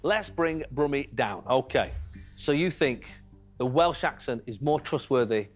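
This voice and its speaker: This game show host has a medium-pitched, expressive voice and takes an unhurried pace. Faint music sits behind him as he runs a TV quiz in a studio with an audience, keeping things chatty and teasing the contestants.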